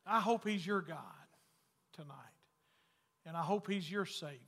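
A pastor preaching in a long, ringing hall. His voice sits high for a man, bright and forceful. He moves from loud calls to hushed, intimate lines in a folksy way. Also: moderate pace. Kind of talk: sermon.

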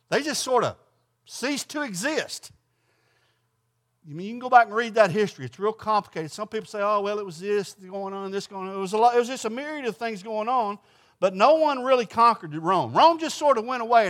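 A man's voice: sits high, fairly bright tone. A man leading an informal Bible study class in a folksy way, putting questions to the group and answering them himself.

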